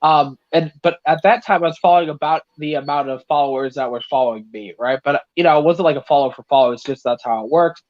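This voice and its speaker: A man's voice: on the high side, fast, hardly any pauses, no room sound. A young man chatting casually on a live stream, rambling and poking fun at himself as he tells stories. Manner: rambling, self-mocking, animated storytelling. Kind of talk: casual chat. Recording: muffled lo-fi call audio.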